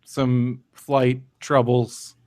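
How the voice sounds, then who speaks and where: A man's voice: medium pitch, little pitch movement, drawn-out words, a little mellow. A young man co-hosting a podcast in casual chat, loose and profane, full of fillers and restarts. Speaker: podcast co-host.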